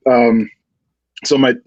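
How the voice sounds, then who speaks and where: A man interviewing an author in a livestreamed bookshop conversation, asking a long-winded, halting question. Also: medium pitch, flat delivery, no room sound, dull audio.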